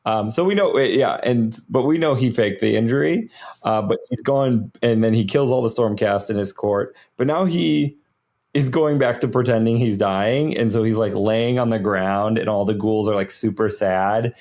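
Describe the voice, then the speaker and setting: A man co-hosting a podcast, retelling a story in casual lore chat, animated and full of "like"s and fillers. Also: on the low side, moderate pace. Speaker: podcast co-host.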